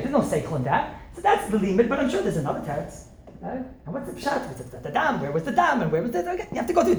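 A man, a rabbi, giving an informal holiday talk, animated, firing rhetorical questions and joking with listeners. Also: high voice, fast talker, a crowd in the background. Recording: echoey room with faint noise.

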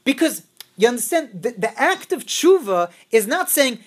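A woman's voice: a little high, very animated, normal speed, husky. A woman teaching a religious class, quizzing her students and repeating her key phrases over and over.

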